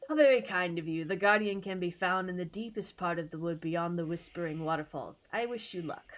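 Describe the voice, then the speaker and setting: A woman's voice: on the low side, fairly quick, pitched below the performer's own voice, lightly acted. A woman voicing an old kindly male tree spirit, speaking politely and formally while reading game dialogue.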